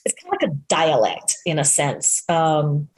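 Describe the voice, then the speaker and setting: A middle-aged woman from Hawaii with a softened Hawaiian Pidgin accent, chatting as a podcast guest and laughing often at herself. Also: sits low, big pitch swings, moderate pace, a little hiss or hum. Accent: Hawaiian Pidgin, held back. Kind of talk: casual interview chat. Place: at home in Hawaii, on a remote call.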